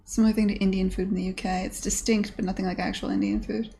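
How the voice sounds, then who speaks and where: A woman's voice: medium pitch, flat delivery, quick pace, creaky, warm tone, slight background noise. A woman streamer chatting casually, rambling along with lots of "like" and restarts. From United States. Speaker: game dev streamer. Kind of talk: casual chat.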